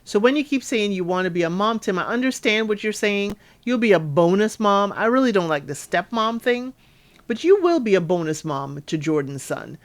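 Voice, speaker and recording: A woman, casually recapping a reality show and talking straight to her listeners in a chatty, sassy way. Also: mid-range voice. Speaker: podcast host reviewing a reality show.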